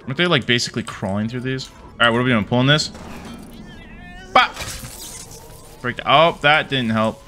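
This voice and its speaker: A man's voice: mid-range voice, moderate pace, pauses often, pushed and bright, soft background music. A man casually commenting on his gameplay as a video host, goofy and rambling, swearing and laughing as he plays.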